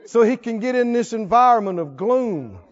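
Male preacher, sermon, rhetorical questions, emphatic repetition; high, animated voice; dull lo-fi recording. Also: normal speed, some chatter behind.

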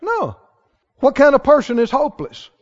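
High-voiced preacher in a reverberant hall. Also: male voice, huge pitch swings, normal speed, some chatter behind. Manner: call-and-response preaching, rising to shouts. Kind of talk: sermon. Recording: dull hall recording with long reverb.

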